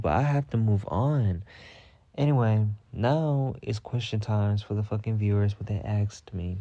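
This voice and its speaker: A sassy man rants through a profane storytime in a low-pitched, mellow voice. The recording is dry and a bit dull and lo-fi, with his dramatic delivery right up front. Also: a little slow, dry recording. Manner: sassy, dramatic, heavy cursing. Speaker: storytime podcast host. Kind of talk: casual profane storytime rant.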